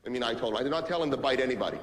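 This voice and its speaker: A man playing a loud, pushy, self-pitying business executive, barking sarcastic lines into a phone in a stage monologue. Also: mid-range voice, expressive, natural voice. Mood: ranting. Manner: barking, sarcastic, rapid-fire phone rant. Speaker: stage actor in a one-man play. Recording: echoey hall with long reverb, faint ambience.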